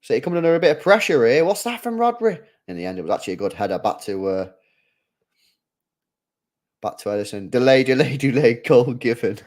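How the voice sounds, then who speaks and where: A man's voice: medium pitch, lively intonation, brisk, long pauses, darkish tone. A young man hosting a live football watchalong, chatting casually with viewers in slang and rambling with restarts. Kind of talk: casual live match commentary.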